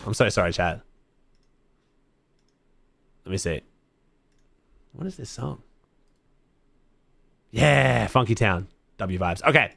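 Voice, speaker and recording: A man with an Australian accent chatting casually to his live-stream viewers as he watches a tournament, excitable and swearing freely. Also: lowish voice, slow, creaky, long pauses, no echo.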